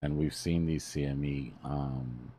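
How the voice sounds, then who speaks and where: A man's voice: rumbling low, fairly even intonation, unhurried, dark tone, a little hiss or hum. A man hosting a casual trading live stream, talking in a laid-back, slangy, coaching way. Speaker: host and technical analyst.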